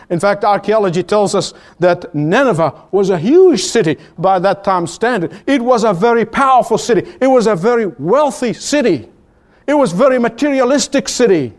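A man preaching a sermon in an emphatic, repetitive cadence, swinging from high exclamations to low, slow, solemn lines.

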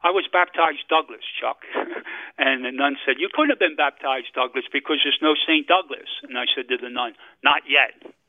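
Priest on radio, dull broadcast sound. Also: male voice, medium pitch, normal speed, no echo. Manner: preachy, repetitive phrasing, chuckles. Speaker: priest guest. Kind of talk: radio talk and storytelling. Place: radio studio.

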